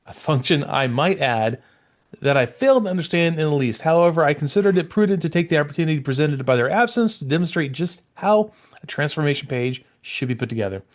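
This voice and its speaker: A man's voice: a little high, expressive, quick pace, natural voice. Man putting on a pompous robot villain. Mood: haughty. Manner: pompous, formal and disdainful. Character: haughty robot villain scorning humans. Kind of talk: reading a comic page in character.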